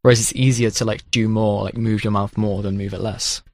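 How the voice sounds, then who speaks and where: A man's voice: on the low side, level tone, brisk, dry recording. Young british guy from the isle of man, chill and a bit unsure, dry studio mic. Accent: British, Manx. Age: 20s. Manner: easygoing, hesitant, self-deprecating. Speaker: actor, guest. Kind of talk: casual interview.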